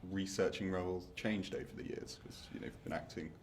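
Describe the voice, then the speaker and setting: A man's voice: sits low, fairly even intonation, fairly quick, noisy background. A man interviewing an actor, asking loose, rambling questions. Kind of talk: press junket interview.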